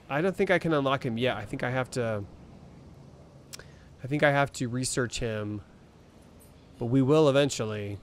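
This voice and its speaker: A young gaming streamer does live let's play commentary, chatting with viewers and reading game text aloud as he plays. His voice sits at medium pitch, with a little hiss or hum in the audio.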